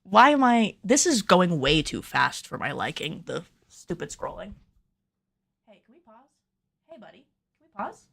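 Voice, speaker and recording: A woman with a fairly low, gravelly, slightly rough voice that's a bit bright speaks in a sing-song way at a measured pace. She makes cosplay patterns and chats casually on a livestream while filming, nervous on camera, thinking aloud and putting herself down.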